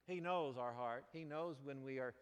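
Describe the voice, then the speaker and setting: A male pastor preaching a sermon, animated, moving between loud exclamations and quiet, earnest passages. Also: mid-range voice, moderate pace, smooth. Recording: long reverb of a large hall.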